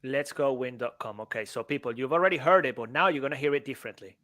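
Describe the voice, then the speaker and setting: A man's voice: medium pitch, fast, sharp tone, no room sound. A man co-hosting a podcast, giving an upbeat sponsor plug and explaining a speaking framework. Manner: upbeat promo patter, then explaining a framework. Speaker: podcast co-host. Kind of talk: podcast conversation.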